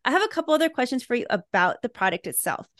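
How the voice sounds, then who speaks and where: A woman's voice: on the high side, very animated, fast, a bit bright, dry recording, clean studio sound. A woman hosting a parenting podcast, engaged with her guests and asking follow-up questions. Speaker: podcast host.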